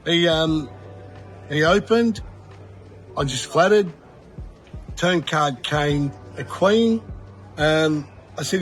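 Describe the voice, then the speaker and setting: A man telling a poker story, animated, laughing often as he goes. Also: on the high side, slow, long pauses, faint music behind. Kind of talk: casual anecdote. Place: poker tournament venue.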